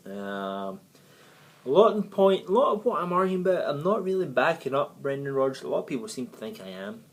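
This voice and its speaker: A man's voice: fairly high pitch, very animated, fairly quick, poor audio. A man hosting his own football fan channel, rambling on casually with lots of self-corrections. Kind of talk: casual rambling video commentary.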